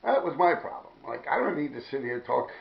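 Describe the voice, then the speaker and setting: A man telling a rambling personal story in profane street slang, often clearing his throat. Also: mid-range voice, very animated, fast. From New York City. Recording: dull, echoey room recording.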